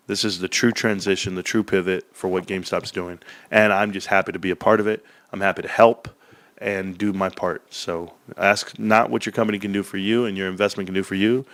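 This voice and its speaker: A man with a lowish voice hosts a casual stock livestream. He talks loosely and chattily, and his voice climbs high and gets loud when he stresses the numbers. The sound is dry and close, with no room in it. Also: gravelly, no room sound. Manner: excitable, rises to loud pitched emphasis on numbers. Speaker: stock show host.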